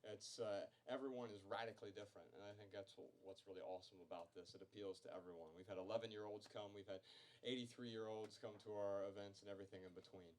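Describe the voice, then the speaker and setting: A man's voice: on the low side, fairly even intonation, fast, a little mellow, a little hiss or hum, rough recording. A man in his thirties speaking earnestly to an audience at a bookstore event, often stammering and restarting. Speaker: author speaking at a book event. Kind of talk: casual talk to an audience.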